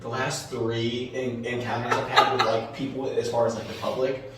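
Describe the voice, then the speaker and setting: A man co-hosting a podcast in casual chat, telling stories in an animated way, swearing casually and restarting his sentences often. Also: mid-range voice, normal speed. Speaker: podcast co-host. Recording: echoey room, distant mic, background noise.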